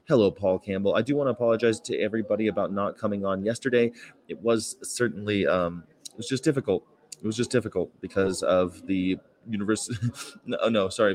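A man's voice: low-pitched, a little mellow. A man chatting casually on a livestream, telling rambling stories with fillers and short laughs, outdoors on a campus. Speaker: vegan activist livestreamer. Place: outdoors on a campus, beside his truck. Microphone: phone or camera.

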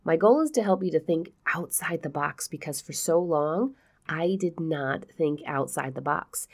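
Stuffy-nosed woman podcast host, low voice. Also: normal speed. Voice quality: nasal. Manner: chatty, laughs often, frank. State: stuffy nose. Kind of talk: casual chat.

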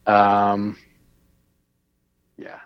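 A man in a casual chat, joking and halting, with lots of fillers and restarts. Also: fairly low pitch, completely flat delivery, clear, resonant tone, no echo. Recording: slightly dull dry sound.

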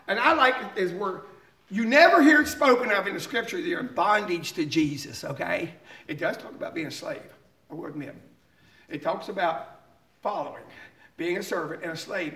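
A man's voice: high voice, fairly bright tone, roomy sound. A man preaching a sermon with emphasis, often asking "okay?" and laughing between points. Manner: reads hymn lines slowly and deliberately.

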